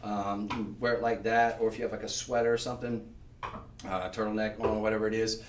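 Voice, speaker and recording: A man hosting a live shopping show, chatting on and piling up descriptive words as he pitches. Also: little pitch movement, brisk, distant mic, a little hiss or hum. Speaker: shopping channel host. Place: shopping channel studio. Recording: roomy sound, voice off-mic.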